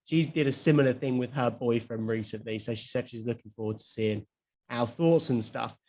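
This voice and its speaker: A young man co-hosting a podcast in casual chat, chatty and quick to laugh, swearing now and then. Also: medium pitch, darkish tone. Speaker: podcast co-host.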